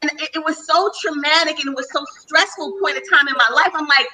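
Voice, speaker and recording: A woman's voice: sits high, fairly quick, hardly any pauses, bright, forceful tone, rough recording. A middle-aged woman giving an enthusiastic, chatty testimonial as a speaker on a webinar panel call.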